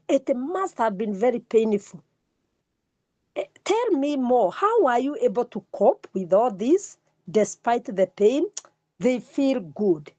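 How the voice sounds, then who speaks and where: A middle-aged woman teaching a counselling class, repeating key words slowly for emphasis. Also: a little high, a little mellow, no room sound. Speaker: counselling lecturer. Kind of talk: classroom lecture.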